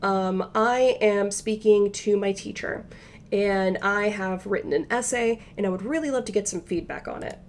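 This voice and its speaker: A woman teaching a recorded language lesson, explaining each point patiently step by step and slowing down for the example phrases. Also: medium pitch, a little hiss or hum.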